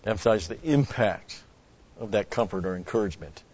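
A pastor teaching an expository Bible sermon, speaking deliberately and stopping to explain Greek word meanings. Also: male voice, lowish voice, lively intonation, darkish tone, husky, muffled recording.

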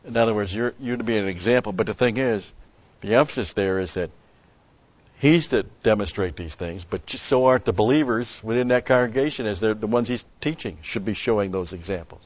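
A pastor teaching an expository Bible sermon, speaking deliberately and stopping to explain Greek word meanings. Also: male voice, lowish voice, no echo, muffled recording.

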